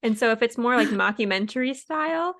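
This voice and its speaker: A woman's voice: on the high side, animated, a bit bright. A young woman co-hosting a podcast, trading dry one-liners in a casual chat. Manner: dry, quick one-liners between laughs. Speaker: podcast co-host.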